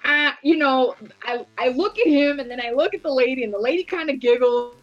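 A woman in her thirties telling a story in casual chat, animated, swearing freely and acting out the dialogue. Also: high voice, fairly quick, no room sound, highs cut off, faint music behind. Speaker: podcast co-host.

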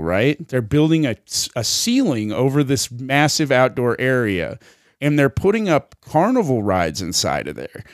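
A man's voice: mid-range voice, no room sound, studio quality. A man co-hosting a podcast, telling a long rambling story in casual chat, swearing constantly and laughing along the way. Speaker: podcast co-host.

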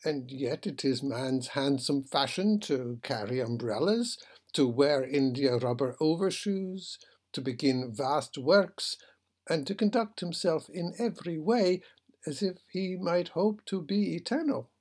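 Man voicing a lofty, gentle sea captain, raised husky voice, storybook reading. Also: a little high, measured pace. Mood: serene. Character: genteel philosophical male ship captain, calm.

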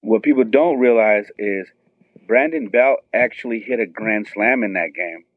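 A man in his thirties recounts a story with mounting excitement. His voice sits low but leaps up whenever he quotes someone. It comes through thin and dry, like a phone call. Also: moderate pace, no room sound. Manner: excited, acts out quotes with high squeals. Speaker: guest telling a story. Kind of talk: animated storytelling. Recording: tinny phone-line sound.

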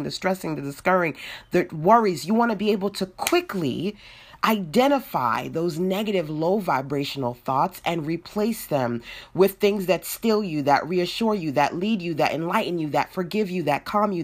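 A woman delivers a motivational faith talk with a slightly low voice. She leans on repetition and a rhythmic, preacher-like cadence, slipping into quick snippets of imagined inner voices. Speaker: podcast host.

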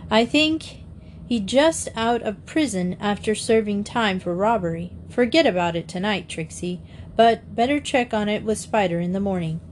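A woman voicing a friendly, relaxed young man who jokes with children and gives warnings. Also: mid-range voice, moderate pace, slight background noise, natural voice. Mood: easygoing. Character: young man Tom, easygoing and kind driver.

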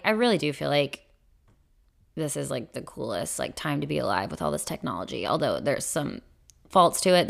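Bright, chatty podcast host woman. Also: lowish voice. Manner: chatty and upbeat, many fillers and laughs. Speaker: podcast host and fitness instructor. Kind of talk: casual solo podcast chat.

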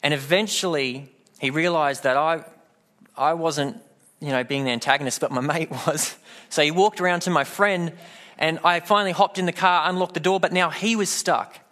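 Casting: male pastor, slightly high voice, storytelling sermon delivery. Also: normal speed, pushed and bright. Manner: storytelling, acts out quoted voices.

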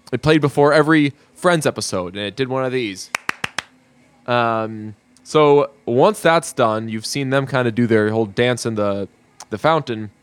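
A man's voice: mid-range voice, clean tone, no echo. Casual, swearing male podcast host. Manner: loose and profane, with frequent fillers. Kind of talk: casual solo podcast chat.

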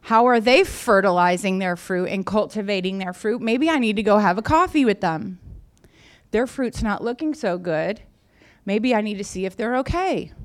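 Lady pastor preaching, chatty, says things twice for emphasis, kinda high voice. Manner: conversational, emphatic repetition. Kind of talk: sermon.

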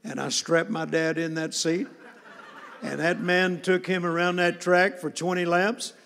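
A male preacher telling a story in a sermon, earnest and halting, with many restarts and fillers. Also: high-pitched, level tone, gravelly, a bit bright, a little hiss or hum. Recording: long reverb of a large hall.

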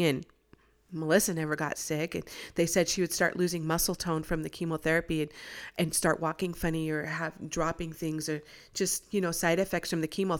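A middle-aged woman casually telling a personal faith story, acting out what others said. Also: deep voice. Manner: animated, acts out quoted voices. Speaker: guest sharing a testimony.

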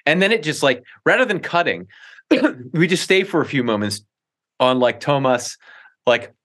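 A young man with a mid-pitched voice discusses a film with a co-host. He talks analytically, often pausing and restarting his sentences. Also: fairly bright tone. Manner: analytical, hesitant with frequent restarts. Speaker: podcast co-host.

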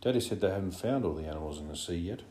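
A man's voice: low-pitched, expressive, very fast, dark tone. Maurice, a rambling, hedging boy, read by a man. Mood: earnest. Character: rambling, earnest boy, unsure. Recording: roomy room with faint hum.

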